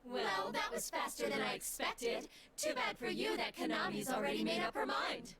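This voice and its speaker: A taunting shadow idol double. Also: female voice, very high-pitched, big pitch swings, normal speed, a loud crowd. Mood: gloating. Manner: taunting, sly. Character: mocking shadow double of a young idol woman. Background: loud game music.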